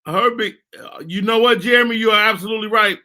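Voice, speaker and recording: A man hosts a casual chat in a high, bright voice. He rambles loosely and drops joking asides as he talks. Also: quick pace. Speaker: talk show host.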